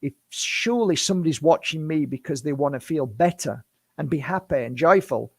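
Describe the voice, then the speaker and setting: A man's voice: a little high, lively intonation, a little fast, gravelly, husky, no room sound. A man in his fifties, a spiritual healer, speaking to camera in an impassioned, defensive monologue full of rhetorical questions. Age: 50s.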